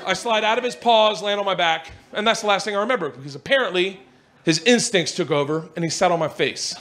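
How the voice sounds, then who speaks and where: Animated man telling a story on stage. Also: high voice, fast, a crowd in the background. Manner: animated, acts out other people's voices, shouts at peaks. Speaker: stand-up comedian. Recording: live stage recording with loud audience laughter. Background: audience laughter and noise.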